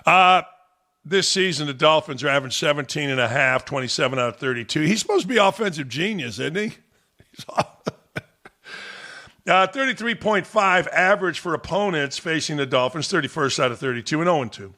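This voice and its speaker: A man's voice: a little high, animated, a little fast, sharp tone. A man hosting a sports talk show, giving blunt, combative opinions. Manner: blunt and combative, talks back to the audience.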